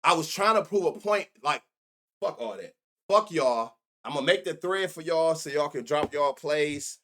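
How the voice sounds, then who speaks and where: A man's voice: fairly high pitch, moderate pace, sharp tone. A man hosting a live sports betting stream, chatting casually, joking and cursing at his viewers as he rambles. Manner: rambling, profane, joking, talks to chat. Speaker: sports betting show host.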